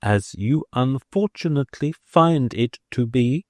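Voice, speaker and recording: A man's voice: medium pitch, lively intonation, unhurried, a little mellow, no room sound, pitched above the performer's own voice, natural voice. Brief: man reading an anxious young clergyman, deferential and unsure, close and dry. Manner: faltering, deferential. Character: earnest anxious young male minor canon.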